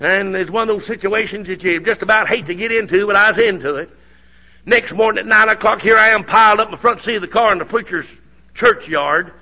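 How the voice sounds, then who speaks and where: A high, husky voice from a middle-aged preacher nursing a sore throat, gravelly at the edges as he spins a homespun story. He swings from hushed drawl to hollering praise. The recording is dull and lo-fi. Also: quick pace. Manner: folksy, building to hollering. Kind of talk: sermon storytelling.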